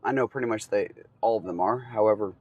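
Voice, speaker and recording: A man teaching from the Bible in a relaxed, conversational way, reading passages and adding casual asides. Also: on the low side, fast talker, muffled recording.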